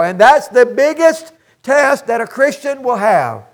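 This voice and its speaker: A man's voice: very high voice, lively intonation, unhurried. An older man preaching a sermon from the pulpit, folksy and emphatic, calling out to the congregation for responses. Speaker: pastor. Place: church sanctuary.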